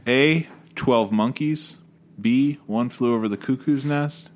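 A man hosting a casual movie trivia game, animated and quick to laugh and swear. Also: mid-range voice. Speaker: podcast host running a movie trivia game. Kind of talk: casual chat.

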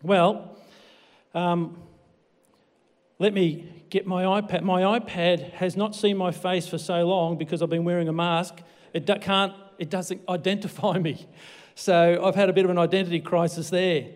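An Australian man preaching a sermon, his voice ringing with a long reverb. His pitch sits high for a man, and he keeps the talk light with jokes at his own expense. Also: steady tone, moderate pace. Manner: jokey, self-deprecating. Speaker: pastor. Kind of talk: livestreamed sermon.

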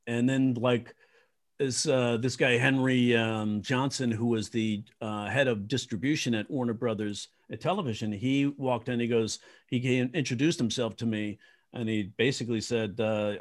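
A man from New York, a comedian guest telling rambling, animated stories with many fillers. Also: mid-range voice, normal speed. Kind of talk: casual storytelling.

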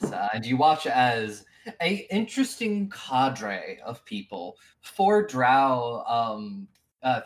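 A game master narrating a tabletop game at a middling pitch. The delivery is loose and conversational, full of fillers and restarts. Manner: casual, rambling, many fillers.

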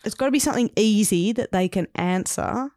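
A woman's voice: mid-range voice, darkish tone, dry recording. Chatty woman, dry studio sound. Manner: chatty, storytelling, quick to laugh. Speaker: podcast co-host. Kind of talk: casual chat.

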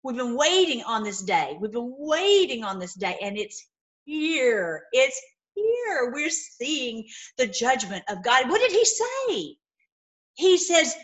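A woman giving an informal, impassioned sermon, swinging between loud outbursts and low murmurs, with many repeated words. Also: big pitch swings, takes it slowly. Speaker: preacher.

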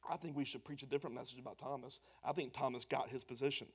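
A pastor's sermon comes in a mid-range, slightly rough voice at a quick pace. He's animated, loud and emphatic, then eases into quieter, conversational speech.

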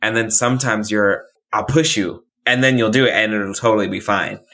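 A man's voice: lowish voice, moderate pace, bright, forceful tone. A man co-hosting a podcast, chatting casually and teasing his co-host in an upbeat way. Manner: teasing, upbeat, laughing along. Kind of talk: casual chat.

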